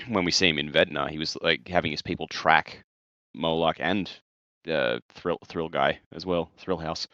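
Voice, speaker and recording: A man co-hosting a casual podcast, telling jokes with animated, casual swearing. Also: rumbling low, moderate pace, no echo, lo-fi sound. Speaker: podcast co-host. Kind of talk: casual chat.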